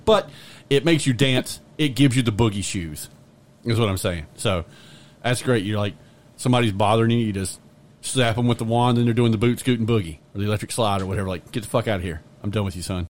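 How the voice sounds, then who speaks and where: A man's voice: fairly low pitch, fairly quick. A man hosting a podcast in casual chat who jokes around and rambles through playful asides. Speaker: podcast host.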